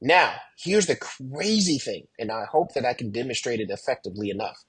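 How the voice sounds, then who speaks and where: A man's voice: fairly quick, husky, no echo. A man who is an airline pilot, telling stories as a podcast guest and acting out the people he quotes. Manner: animated, acts out quoted people with shifting pitch. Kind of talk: casual storytelling in a podcast interview.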